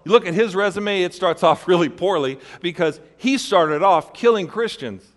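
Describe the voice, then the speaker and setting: Man preaching with lively storytelling. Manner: storytelling, acts out quoted voices with big shifts in pitch and volume; direct, conversational preaching with rhetorical questions. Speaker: pastor. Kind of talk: sermon.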